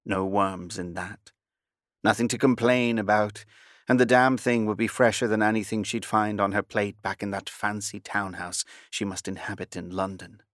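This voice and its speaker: Guy reading a novel aloud, lowish voice, dry close sound. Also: fairly even intonation, normal speed, a bit bright, no room sound. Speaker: audiobook narrator. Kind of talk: scripted narration.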